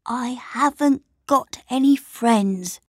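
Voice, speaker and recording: Woman doing a shy crying monster, male, soft and raised in pitch, slow, dry studio sound. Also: dry recording. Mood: timid, sobbing. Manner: quiet, timid, tearful. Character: timid lonely green monster, male, sobbing.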